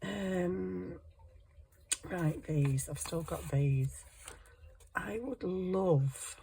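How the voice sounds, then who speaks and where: A woman's voice: fairly low pitch, very slow, creaky, warm tone, a little hiss or hum. A woman chatting casually to viewers and herself as she works on a wire craft project. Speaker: craft vlogger. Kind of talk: casual chat while crafting.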